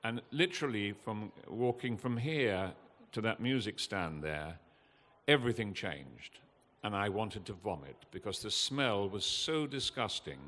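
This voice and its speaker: An older man, giving an impassioned, earnest talk from a festival stage, halting with fillers now and then. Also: fairly low pitch, animated, a bit bright. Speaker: guest speaker at a festival. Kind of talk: emotional public talk. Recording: long hall reverb.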